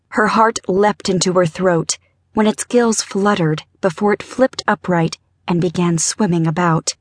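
Woman, audiobook narrator, measured, mid pitch, dry studio sound. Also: no echo. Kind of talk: scripted narration.

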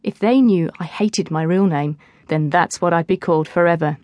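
A woman narrating a teen novel in the first person, in a lively storytelling manner, close to the mic. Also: on the low side, moderate pace, no room sound. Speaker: audiobook narrator.

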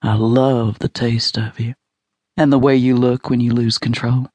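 A man voicing a smooth, seductive suitor. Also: level tone, measured pace, a little mellow, no echo, natural voice. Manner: low, teasing and assured. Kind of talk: audiobook romance dialogue.

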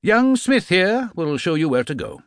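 Nervous fussy teacher, a man doing the voice, a bit high and careful. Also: very animated, a little slow, fairly bright tone, dry recording, studio quality, exaggerated voice. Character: fussy nervous male schoolteacher.

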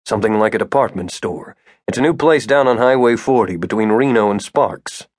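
A man voicing an uneasy young man in an audiobook, explaining himself in a quick, defensive way. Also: lowish voice, no room sound, studio quality, lightly acted. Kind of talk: audiobook character voice.

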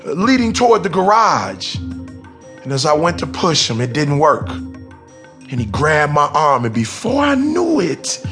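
A man narrating his memoir as an audiobook in an emphatic, animated, conversational way, with restarts. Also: on the high side, unhurried, over music. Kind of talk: audiobook storytelling.

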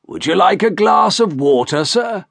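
A man's voice: high voice, lively intonation, unhurried, gravelly, fairly bright tone, slightly rough, no room sound, clean studio sound, voice pushed up, heavily acted. A man reading an audiobook, voicing an obsequious male shopkeeper who keeps calling his customer sir. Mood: fawning. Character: fawning, pushy male showman shopkeeper. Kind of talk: audiobook character voice.

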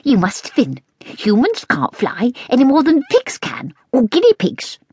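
A woman voicing a greedy male pet guinea pig in a storybook, with a squeaky, bossy way of speaking. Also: wildly swooping pitch, measured pace, darkish tone, breathy edge, heavily acted.

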